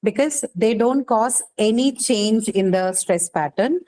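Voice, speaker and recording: A woman's voice: on the high side, measured pace, dark tone, low-quality recording. Woman teaching a class, checking in often. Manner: questions students, checks with "right?". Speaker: English teacher. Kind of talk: classroom lecture.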